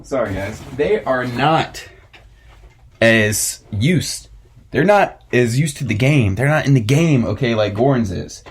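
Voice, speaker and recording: A man's voice: mid-range voice, animated, slow, slightly rough. A young man hosting a casual podcast chat, ranting and swearing with frequent laughs. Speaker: podcast host.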